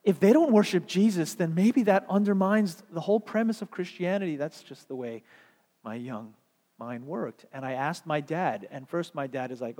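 Male preacher, high-pitched, conversational delivery that swells into fervent appeals, reverberant hall. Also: expressive, normal speed, darkish tone. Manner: conversational, rhetorical questions, building to fervent exhortation. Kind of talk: sermon. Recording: long echo of a large hall.

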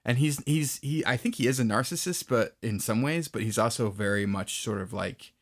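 A man's voice: medium pitch, normal speed. A man co-hosting a podcast, telling a rambling, profane and mocking story in casual chat. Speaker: podcast co-host.

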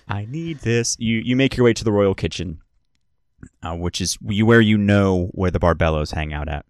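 Low-voiced guy gm, rambly, lots of restarts, no room echo. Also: moderate pace, clean tone, studio quality. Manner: loose, rambling, many restarts and fillers. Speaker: game master. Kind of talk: narrating a tabletop game.

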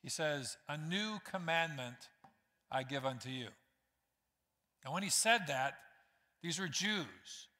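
A male pastor delivers a conversational sermon, speaking straight to his congregation and acting out the lines he quotes. His voice is bright and forceful. It rings with the long reverb of a church hall. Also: a little high, animated, slow pace, pauses often. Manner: conversational preaching, acts out quotes, addresses congregation directly. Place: church sanctuary.

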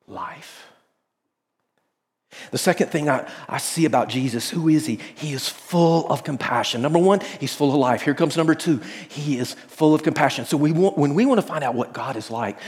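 A pastor telling stories in a sermon, swinging between excited bursts and hushed, quiet moments. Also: male voice, a little high, moderate pace, big-room sound. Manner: animated storytelling, dropping to hushed tones. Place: large auditorium.

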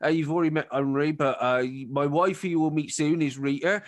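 A man's voice: on the high side, fairly even intonation, fairly quick, close to an everyday voice. A man voicing a middle-aged farmer who welcomes guests with hesitant, fumbling speech. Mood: welcoming. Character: middle-aged male farmer, anxious, hospitable.

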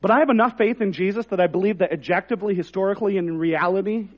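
A man's voice: high voice, very fast, highs cut off. A man preaching a sermon in a conversational, self-deprecating way that rises to emphatic points. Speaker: pastor.

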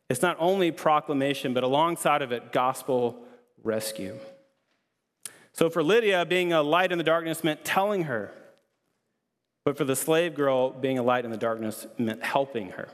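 A man pastor preaching a sermon in an earnest, conversational way, repeating key lines for emphasis. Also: fairly high pitch. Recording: long hall reverb.

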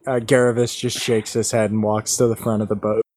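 Low husky guy at a tabletop game, matter-of-fact. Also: level tone, a little fast, darkish tone. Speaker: player.

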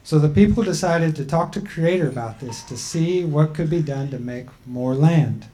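A man giving a talk and telling a traditional creation story in a measured, deliberate way with frequent pauses. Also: on the high side, warm tone. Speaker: speaker.

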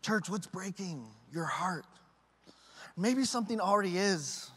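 A man preaching a sermon as a pastor, telling stories with animated acted-out voices. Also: sits high, unhurried, breathy edge, in a large hall. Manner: animated storytelling with acted quotes.

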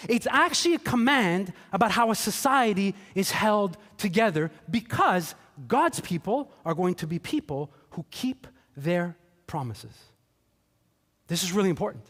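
A man's voice: high-pitched, very animated, measured pace, a bit bright. A man preaching a sermon in a chatty, joking way, acting out quotes in playful voices. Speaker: pastor. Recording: long hall reverb.

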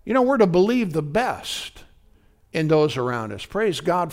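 A man's voice: on the high side, very animated, measured pace. A man pastor giving a conversational sermon, often checking in with his congregation. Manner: conversational preaching, often asking the congregation if they follow.

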